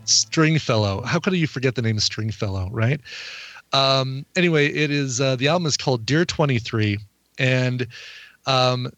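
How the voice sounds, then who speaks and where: A man's voice: medium pitch, moderate pace, fairly bright tone, no room sound, faint music behind. A man reviewing an album in casual chat, rambling a little with frequent "uh" and "um" fillers. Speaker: music reviewer.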